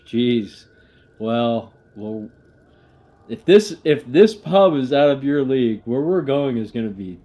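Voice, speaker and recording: A man's voice: medium pitch, lo-fi sound. A man playing a tabletop game, talking playfully with stammers and laughs. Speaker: player. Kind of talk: casual tabletop play.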